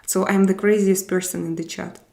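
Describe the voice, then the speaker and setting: A woman with a Russian accent chats her way through a live stream, answering viewers one comment after another. Her voice is dark and mellow, with a gravelly, creaky edge. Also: mid-range voice, little pitch movement, fairly quick. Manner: chatty, answers viewers' comments, switches between languages. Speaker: live-stream host reading chat. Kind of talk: casual live-stream chat.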